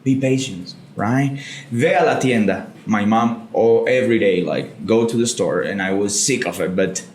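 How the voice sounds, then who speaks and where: A man's voice: on the low side, moderate pace, a little mellow. A man co-hosting a language podcast, patiently explaining grammar step by step in casual chat. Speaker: podcast co-host, Spanish teacher. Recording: roomy studio echo.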